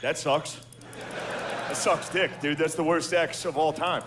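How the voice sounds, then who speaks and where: A man's voice: on the high side, fairly even intonation, measured pace, a crowd in the background. A man doing a stand-up comedy routine, telling profane, self-deprecating stories. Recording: clear background noise.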